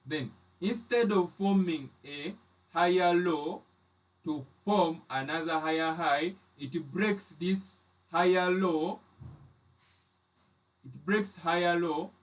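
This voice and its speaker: A man's voice: a little high, slow, far from the mic. A man teaching trading charts step by step, often repeating and restarting his phrases. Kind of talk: live chart lesson.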